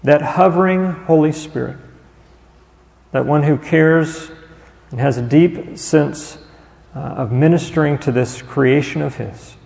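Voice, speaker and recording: Male pastor, sermon delivery, fairly high gravelly voice, long church-hall reverb. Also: a little mellow. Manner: rhetorical questions, pauses on listed words.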